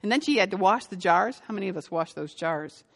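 A woman pastor giving a sermon and telling a story, growing lively as she recounts it. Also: mid-range voice, fairly quick, vocal fry, in a large hall, slight background noise. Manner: storytelling, lively when quoting.

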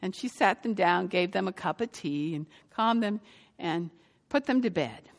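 A woman pastor giving a sermon and telling a story, growing lively as she recounts it. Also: lowish voice, moderate pace, long reverb tail. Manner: storytelling, lively when quoting.

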